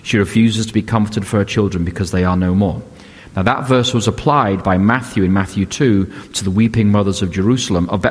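Older male pastor preaching in a reverberant hall. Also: lowish voice. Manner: conversational storytelling, rhetorical questions. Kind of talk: sermon.

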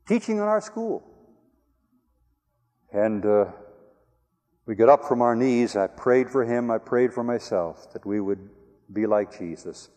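An older man, a pastor, telling a story in an earnest, plain sermon style, going soft on reflective lines. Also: medium pitch, lively intonation, a little slow, long pauses. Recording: long hall reverb.

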